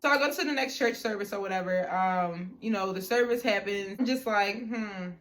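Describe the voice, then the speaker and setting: A woman's voice: medium pitch, fairly quick, fairly bright tone. A young woman vlogger telling a personal story in a casual storytime, chatty and slangy with lots of "like" and "you know".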